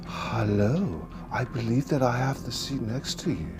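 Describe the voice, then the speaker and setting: A man's voice: medium pitch, very animated, over music, pitched above the performer's own voice. A man putting on a teasing young Dutch woman. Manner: broken English, careful slow phrasing.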